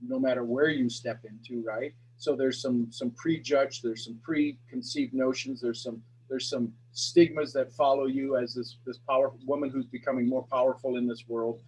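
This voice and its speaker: A man hosting a coaching call, talking in an energetic, encouraging way. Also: mid-range voice, moderate pace, few pauses, slightly rough, rough recording. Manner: energetic, encouraging, talks to the audience directly. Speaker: coaching show host.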